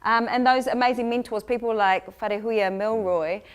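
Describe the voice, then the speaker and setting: Kiwi woman presenting to a crowd, a bit high voiced, teasing, drops in māori words. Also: fairly even intonation, moderate pace, smooth. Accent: New Zealand. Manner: warm teasing, mixing Māori phrases into English. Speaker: co-presenter of a language workshop. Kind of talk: casual presentation to a live audience.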